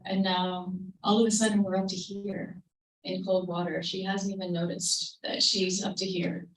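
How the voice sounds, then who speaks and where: A woman giving a reflective storytelling talk to a live audience at a creative event, telling a story gently and quoting what she said along the way. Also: mid-range voice, flat delivery, moderate pace. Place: event venue, roomy hall. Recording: roomy livestream audio from a distance.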